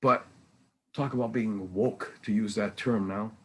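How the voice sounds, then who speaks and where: A man in his sixties, a painter, telling rambling, animated stories in casual conversation with many restarts. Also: fairly low pitch, a little slow, breathy edge. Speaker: painter and guest.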